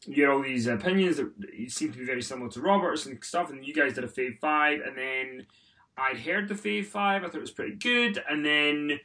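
A weary man co-hosts a podcast, with dry and teasing humour. His voice is bright and forceful, pitched a little high. He sits a bit back from the microphone. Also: brisk, recorded from a distance. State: tired. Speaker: podcast co-host. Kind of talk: casual podcast banter.

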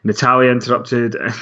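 A man's voice: mid-range voice, bright, forceful tone. A man co-hosting a wrestling podcast in casual chat, rambling and self-mocking with frequent laughs. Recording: dull lo-fi sound.

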